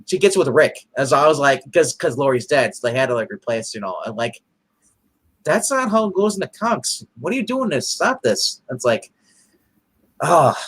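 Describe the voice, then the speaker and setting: Male co-host, casual review chat, excitable, rambling, average pitch. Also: moderate pace, slightly rough. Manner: excitable, rambling, full of restarts.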